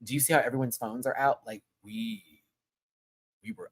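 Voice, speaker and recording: His voice husky and his pace fairly quick, the host of his own channel goes over a live show he saw. It's loose, slang-heavy gushing, with excited high-pitched outbursts popping up without warning.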